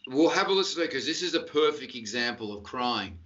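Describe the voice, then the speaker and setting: A man's voice: mid-range voice, lively intonation, fast talker, bright, forceful tone. A man teaching singing over a video call, explaining step by step and giving short praise. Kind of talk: online singing lesson coaching. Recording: dull distant video-call audio.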